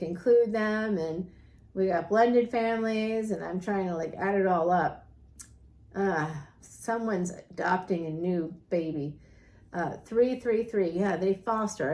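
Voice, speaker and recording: A woman reading tarot cards in a relaxed, rambling chat. She laughs often and keeps turning to talk straight to her viewers. Her voice sits at a middle pitch, and the room rings with echo. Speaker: tarot reader.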